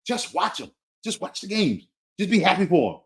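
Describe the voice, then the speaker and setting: A man's voice: sits high, big pitch swings, moderate pace. A man hosting a fantasy football show, ranting casually and repeating his warnings to a listener, playful and laughing at himself. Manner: emphatic and repetitive, pleading with a listener. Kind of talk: casual opinionated rant.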